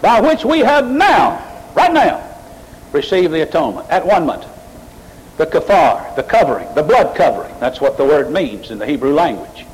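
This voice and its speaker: Fervent preacher man with sweeping pitch. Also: big pitch swings, moderate pace, a little hiss or hum, poor audio. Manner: preaching with sharp rises in pitch and volume; mocking emotional worshippers in a high voice. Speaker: pastor. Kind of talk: sermon.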